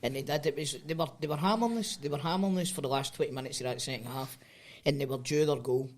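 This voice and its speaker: A man with a Scottish accent, a podcast co-host telling animated stories in casual chat, swearing and then apologising for it. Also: medium pitch, quick pace. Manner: swearing storyteller, apologetic about it. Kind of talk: casual pub-style chat.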